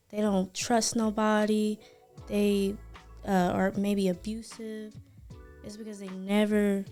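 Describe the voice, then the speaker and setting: Woman co-host, thoughtful and measured; flat, gravelly delivery, faint music. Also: medium pitch. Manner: measured, thoughtful, pauses with ums. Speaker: podcast co-host. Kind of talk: casual reflective podcast chat.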